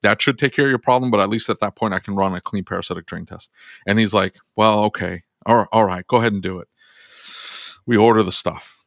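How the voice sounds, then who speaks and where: Auto shop owner, male, lowish voice, animated storyteller who voices his customers, dry close sound. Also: fast talker, creaky, no echo. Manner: animated, acts out both sides of phone calls. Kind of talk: podcast storytelling.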